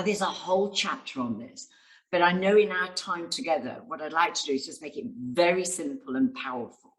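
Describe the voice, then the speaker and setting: Low-voiced woman coach. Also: rough recording. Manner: enthusiastic, storytelling, acts out quotes. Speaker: guest speaker and success coach. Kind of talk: interview answers.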